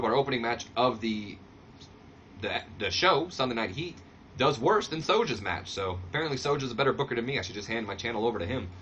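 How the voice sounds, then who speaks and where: A man's voice: mid-range voice, a bit bright. Dude narrating his wrestling sim game, laid back and sarcastic, bit muffled with some hiss. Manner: casual, sarcastic and self-deprecating. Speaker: channel host. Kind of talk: let's-play commentary on a wrestling sim game.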